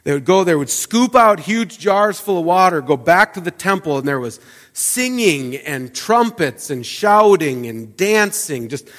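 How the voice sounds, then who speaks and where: A man preaching a sermon as pastor, talking in a loose conversational way with fillers and restarts, dropping to soft asides and rising to loud emphatic peaks. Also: high voice, lively intonation, a little slow, long reverb tail. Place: church sanctuary.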